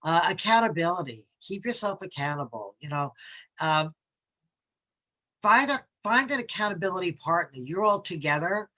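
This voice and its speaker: A woman's voice: lowish voice, lively intonation, moderate pace, pushed and bright. A woman from New York leading a workshop on bias, talking conversationally and reading quotes aloud with emphasis. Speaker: diversity workshop presenter.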